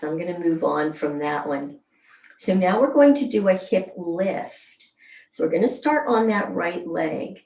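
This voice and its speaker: Slow, low-voiced woman guiding gentle stretches. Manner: slow, soothing, counts aloud. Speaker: somatic movement instructor. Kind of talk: guided exercise class. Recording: roomy sound, mic at a distance.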